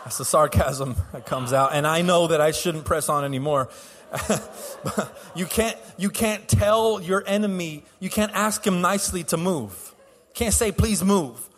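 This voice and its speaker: High-voiced man preaching in a hall. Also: unhurried, fairly bright tone, a little hiss or hum. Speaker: pastor. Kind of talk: sermon. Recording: long hall reverb.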